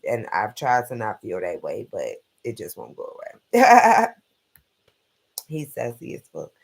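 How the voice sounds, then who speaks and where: A man's voice: on the low side, sing-song, moderate pace, creaky. A man hosting a casual late-night live stream, rambling bluntly and profanely through his opinions.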